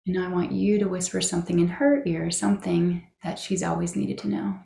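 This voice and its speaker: A woman practitioner guiding a tapping session, calmly giving phrases to repeat. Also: on the low side, fairly quick, gravelly, echoey room, a little hiss or hum. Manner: calm coaching, gives phrases to repeat. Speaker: EFT practitioner.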